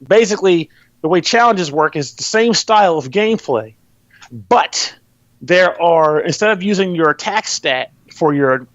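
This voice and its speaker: A man's voice: sits high, lively intonation, normal speed, a bit bright, dry recording, lo-fi sound. A man hosting a podcast, explaining a game in rambling, loose and profane casual chat. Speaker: podcast host reviewing a game.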